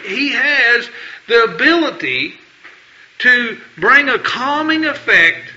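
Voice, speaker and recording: A man delivers a sermon in a high, piercingly bright voice. He presses his points by repeating phrases and reads scripture aloud. The recording is dull and lo-fi. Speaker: preacher.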